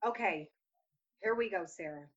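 A woman's voice: medium pitch, normal speed. A fervent woman ministry host who prays in long, pleading runs and then chats casually with her guest. The recording sounds dull and lo-fi. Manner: fervent, repeats "oh God" while praying. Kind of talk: prayer and casual show hosting.

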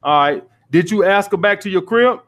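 A man's voice: sits high, expressive, moderate pace, fairly bright tone. A man hosting a call-in dating advice podcast, blunt and profane, repeating his points as he coaches a caller.

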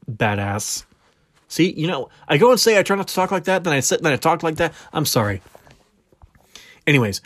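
Rambling man hosting a sports podcast. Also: mid-range voice. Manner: rambling, goes off on tangents and catches himself; blunt, opinionated. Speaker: podcast host. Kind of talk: casual solo sports talk.

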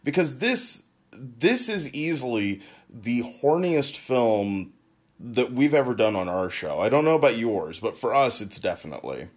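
A man hosting a podcast, joking and rambling in relaxed chat. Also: medium pitch, measured pace. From United States. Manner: jokey, rambling with restarts. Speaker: podcast host.

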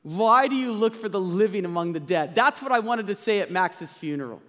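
A male pastor preaching a sermon, emphatic and slowing down to stress key points. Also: high voice, expressive, fairly bright tone, big-room sound.

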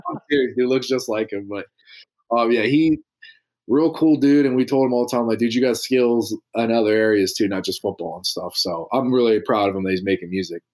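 A man's voice: medium pitch, brisk, darkish tone. A young man from small-town Ohio, a podcast guest telling rambling stories full of fillers in casual chat. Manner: rambling, filler-heavy storytelling.

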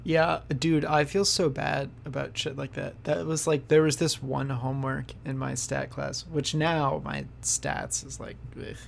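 A man's voice: medium pitch, level tone, unhurried, gravelly, hardly any pauses, slight background noise. A young man co-hosting a casual podcast, laid-back, with short replies and dry jokes. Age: young adult. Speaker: podcast co-host. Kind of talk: casual chat.

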